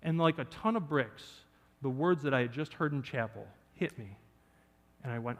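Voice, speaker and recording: In a church sanctuary with hall reverb, a man preaches a sermon, sharing a personal story and joking animatedly with the congregation. His mid-range voice keeps a moderate pace.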